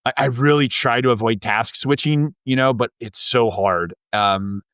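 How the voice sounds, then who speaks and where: A male podcast host asks long questions in a casual, rambling way, often restarting his sentences. His voice is clear and resonant, at a middle pitch. The sound is close and dry. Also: moderate pace, a bit bright, dry recording. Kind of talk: casual interview.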